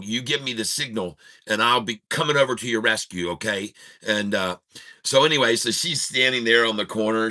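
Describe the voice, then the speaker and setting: A man's voice: lowish voice, pushed and bright. A man hosting a trading channel, telling a long joke in a rambling, casual way with many restarts before turning to market talk. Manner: rambling storyteller, laughs at own jokes. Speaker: day-trading channel host.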